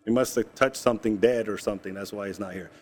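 A man's voice: on the low side, fast. A man preaching a sermon, reading scripture and explaining it in a casual, conversational way with asides and jokes. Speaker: pastor.

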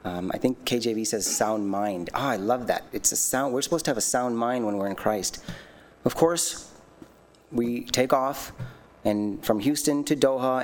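During a sermon, a man with a mid-range voice shares his personal testimony as a lay speaker. He's earnest and lively, often restarting his sentences and laughing self-consciously.

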